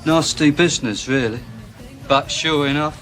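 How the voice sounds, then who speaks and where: An actor with a British accent playing a boastful rock roadie, telling a wild tale in a matter-of-fact way. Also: male voice, a little high, moderate pace, fairly bright tone, close to an everyday voice. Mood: deadpan boastful. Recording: clip played with music under it.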